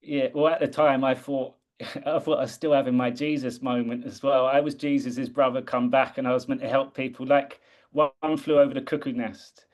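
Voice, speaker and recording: A man's voice: medium pitch, little pitch movement, normal speed. A man from the UK talking earnestly and reflectively in a casual conversation, often restarting his sentences. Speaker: guest.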